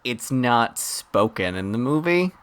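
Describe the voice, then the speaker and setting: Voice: medium pitch, big pitch swings, a little slow, clean tone. A podcast co-host in a casual film chat, talking in long emphatic runs with acted-out asides.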